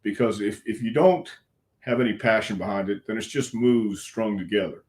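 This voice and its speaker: Older man, low voice, frank folksy storyteller, frog in his throat. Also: normal speed, darkish tone. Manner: frank, folksy, earnest, with some cussing. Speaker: wrestling coach, interview guest. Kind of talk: casual storytelling interview.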